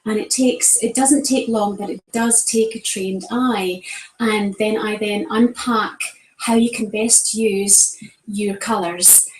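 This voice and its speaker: A woman's voice: medium pitch, a little mellow, reverberant, slight background noise, rough recording. A woman who works as a colour analyst, chatting casually with many ums and restarts. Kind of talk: casual chat.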